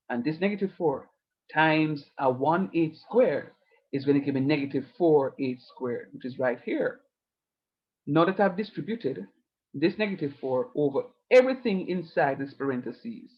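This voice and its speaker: A man talks a math class through each step, patient and playful. His voice sits a little high, and the online recording sounds dull and lo-fi. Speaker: teacher.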